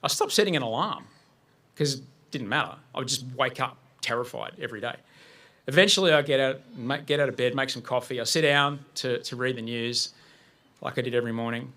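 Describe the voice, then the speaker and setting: Man, guest speaker, personal story on stage, bright tense voice, vivid storyteller. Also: medium pitch, brisk. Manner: vivid storyteller, acting out his own panic.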